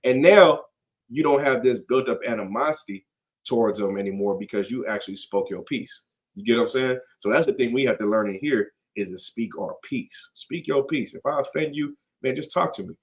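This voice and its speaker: A man's voice: medium pitch, fairly quick. A man leading a casual scripture study in a conversational, slangy way, often checking in with "you get what I'm saying.".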